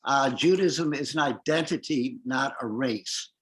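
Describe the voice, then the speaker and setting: A man speaking in a community discussion over a video call, halting with many restarts and fillers. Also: medium pitch, poor audio. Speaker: discussion participant.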